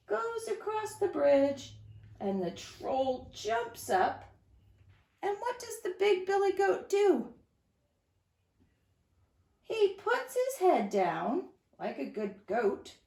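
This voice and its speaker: A woman leads a storytime lesson for young children from her home. She speaks slowly in a bright, sing-song voice with a gravelly edge, pausing to ask her listeners questions. Her voice echoes around the room. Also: sits high. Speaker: teacher reading to children.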